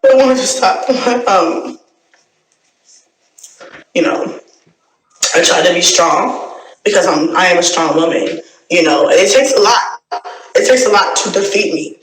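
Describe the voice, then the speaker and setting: Woman, angry vlog rant, profane, repetitive, sharp bright voice. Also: mid-range voice. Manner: profane, repetitive, fed-up venting. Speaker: YouTuber. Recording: roomy echo.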